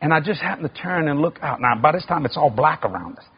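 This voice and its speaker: Man, preacher, high husky voice, lively storytelling, dull lo-fi sound. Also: fast. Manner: animated, acts out sounds and voices, builds to shouting. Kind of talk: sermon storytelling. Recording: muffled lo-fi recording.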